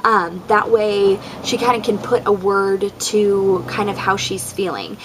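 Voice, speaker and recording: A young parent vlogger offers casual parenting advice, chatty and full of ums and likes, often acting out what she tells her kids. Her voice is medium-pitched and a little slow, over a noisy background.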